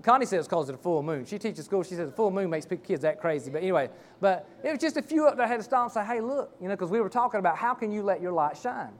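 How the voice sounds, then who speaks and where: A middle-aged man preaches from the pulpit. His voice sits high for a man. He tells his story in a folksy, rambling way, full of restarts and asides. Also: animated, racing, hardly any pauses. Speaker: pastor. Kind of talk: sermon with personal story.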